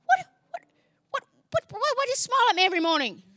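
A woman's voice: very high-pitched, sing-song, quick pace, sharp tone, no echo, voice pushed up, full character voice. A woman voicing a fierce, suspicious woman shop owner who talks abruptly and demands answers. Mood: blunt suspicious.

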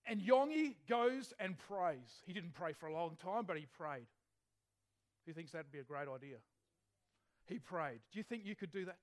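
A male preacher with a notably high voice gives a relaxed, conversational sermon. He keeps turning questions back to his congregation as he tells a story. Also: normal speed. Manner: chatty, asks the congregation questions. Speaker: pastor.

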